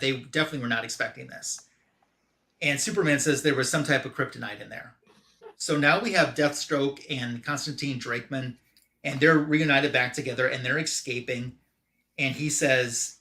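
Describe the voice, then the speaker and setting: Male host, bright forceful tone, casual comic recap with loose paraphrased quotes. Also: mid-range voice. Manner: retells the story loosely with quick paraphrased quotes. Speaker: comic book podcast host.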